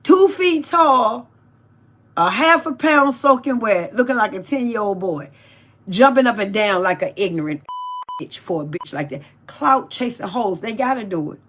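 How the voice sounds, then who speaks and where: A woman's voice: fairly high pitch, expressive, moderate pace, a bit bright, slightly rough. A woman ranting with mocking insults and swearing, drawing words out. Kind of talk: profane rant to camera.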